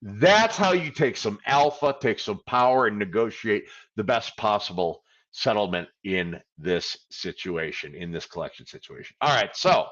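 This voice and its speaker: Animated male credit coach on a livestream. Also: on the low side, moderate pace, highs cut off. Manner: animated, acts out phone calls. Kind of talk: live-streamed coaching talk.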